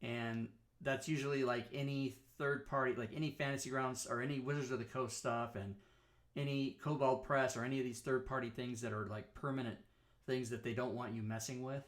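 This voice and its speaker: A man hosting a live-streamed talk show, walking through software in a chatty, rambling way and often correcting himself. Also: medium pitch, fairly even intonation, a little fast.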